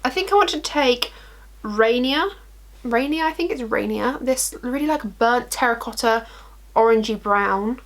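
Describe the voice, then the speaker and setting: Chatty young woman doing her makeup at the mirror, kinda high voice, laughs at herself a lot. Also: unhurried. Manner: chatty, self-deprecating, rambling asides. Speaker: makeup vlogger. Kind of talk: casual makeup tutorial chat. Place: at home, in front of a mirror.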